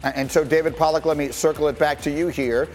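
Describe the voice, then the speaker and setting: A man hosts a sports talk show, steering the panel in a brisk, wry way. His voice sits a bit high. Faint music plays behind him. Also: fairly even intonation, a little mellow. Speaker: host.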